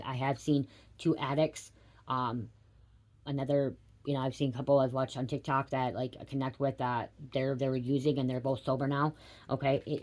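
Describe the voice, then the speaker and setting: A woman giving a spiritual reading, rambling and swearing casually, ending almost every sentence with a quick "okay?". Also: a bass voice, darkish tone, slight background noise. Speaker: tarot reader.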